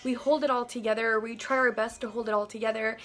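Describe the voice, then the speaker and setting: A woman talking earnestly and gently in a casual, heartfelt monologue to camera, often saying "like" and "you know". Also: on the high side, steady tone, fast talker. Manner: earnest and gentle, with many likes and you-knows. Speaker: vlogger sharing personal reflections.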